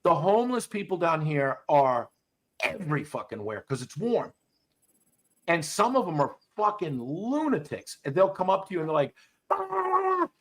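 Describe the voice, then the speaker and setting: A man hosting a podcast, talking in a blunt, profane, animated way as he tells stories in casual chat. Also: fairly high pitch, moderate pace. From US South. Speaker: podcast host, dog trainer.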